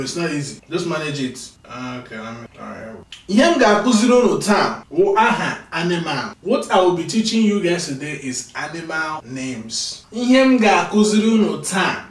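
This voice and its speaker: In a casual video lesson, a tired male language teacher repeats each vocabulary word slowly for pronunciation and chats between drills. His voice is on the high side. The mic sits back from him in an echoey room.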